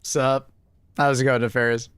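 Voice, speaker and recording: A man's voice: mid-range voice, little pitch movement, moderate pace, fairly bright tone, clear, resonant tone, dry recording, clean studio sound. A male livestreamer chatting casually with his viewers, laughing and swearing often as he banters. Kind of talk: casual chat with stream viewers.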